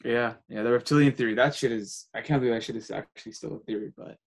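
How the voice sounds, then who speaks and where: A man talks fast in casual podcast chat. He explains things in a loose way and often restarts mid-sentence. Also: medium pitch, creaky. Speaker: podcast co-host.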